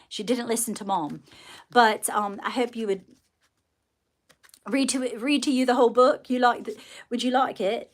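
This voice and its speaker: A woman with a light, adopted British RP accent hosting a casual livestream, gushing and affectionate, calling viewers darling and saying little often. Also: medium pitch. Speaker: livestream host and children's book author.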